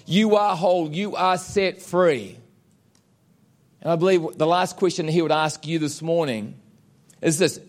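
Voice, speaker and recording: Male pastor, emphatic sermon delivery, voice a touch high. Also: steady tone. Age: adult with children. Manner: declarative, emphatic preaching with dramatic pauses.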